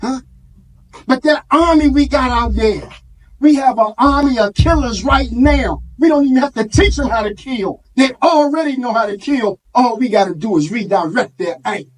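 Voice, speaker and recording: A man's voice: extremely high pitch, expressive, moderate pace. A man giving an impassioned speech to a live audience, preacherly, with call-and-response and street vernacular. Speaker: community organizer speaking at an event.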